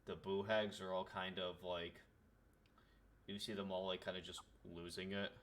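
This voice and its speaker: A man's voice: deep voice, flat delivery, normal speed, a bit bright. A man narrating as game master of a tabletop game on a voice call, loose and full of fillers.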